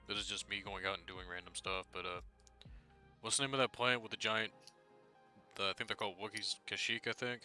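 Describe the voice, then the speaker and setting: A man's voice: on the low side, little pitch movement, fairly quick, long pauses, bright, forceful tone, faint music behind. A man chatting in character during a role-play game, rambling and trailing off mid-sentence.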